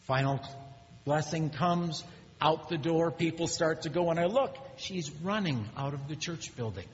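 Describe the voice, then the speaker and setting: A male pastor preaches a sermon, telling his stories with animated energy that climbs when excited. His voice rings out with a long reverb in a large church sanctuary. The recording is a little muffled, with a faint hum underneath. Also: unhurried. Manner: animated storytelling, rising pitch when excited.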